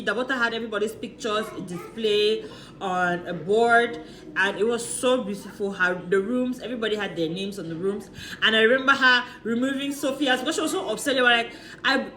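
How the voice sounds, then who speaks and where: A woman's voice: a little high, sharp tone. A woman chatting through a casual, gossipy recap of a reality show, laughing often and asking rhetorical questions.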